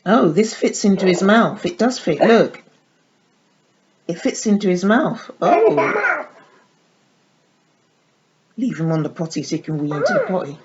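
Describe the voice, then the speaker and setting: A woman vlogger casually demonstrates a baby doll in a toy unboxing, cooing baby talk to the dolls. Her lowish voice is very animated at a normal speed, and the lo-fi recording sounds dull with faint noise.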